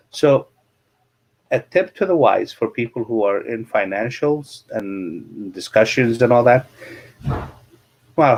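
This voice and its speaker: A middle-aged man, a real estate coach and interview guest, telling anecdotes and explaining money matters with plain examples. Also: medium pitch.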